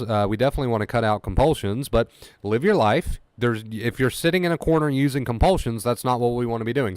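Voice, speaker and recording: A man talks straight to his livestream chat as an anxiety recovery coach, hammering home each point with repeated rhetorical questions. His voice sits at an ordinary middle pitch. The sound is close and dry, with no room echo. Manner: emphatic, repetitive, asks chat rhetorical questions. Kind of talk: live-streamed talk to chat.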